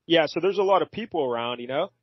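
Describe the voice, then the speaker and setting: A man's voice: fairly high pitch, lively intonation, quick pace, dry recording. A man co-hosting a podcast, recapping a comic in a rambling, self-mocking casual chat and laughing often. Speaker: podcast co-host. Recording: dull lo-fi podcast audio.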